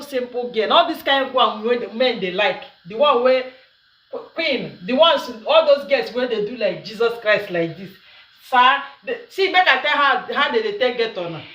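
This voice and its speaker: A woman's voice: a little high, expressive, normal speed, fairly bright tone. Chatty Nigerian woman, roomy and distant. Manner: chatty and teasing, laughs often. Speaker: social media commentator. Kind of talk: casual commentary while cooking. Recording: roomy, distant from mic, faint noise.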